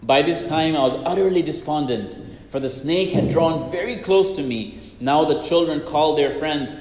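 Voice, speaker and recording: A man's voice: on the high side, moderate pace, a little mellow. A man preaching and retelling a religious story in an earnest way, often repeating himself as he goes. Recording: echoey hall with long reverb.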